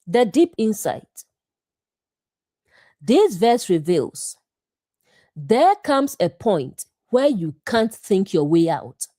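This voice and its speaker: A Bible teacher, a woman, gives a scripted devotional lesson in short, deliberate phrases. Her voice is mellow and unhurried, with lively rises and falls in pitch. The sound is close and dry, with no echo.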